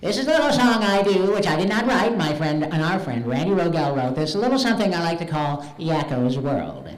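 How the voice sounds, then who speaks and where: A man's voice: a little high, expressive, brisk, a little hiss or hum. A man speaking as a voice-actor panelist, playful and self-mocking, in a large convention hall on a handheld mic. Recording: echoey hall with audience.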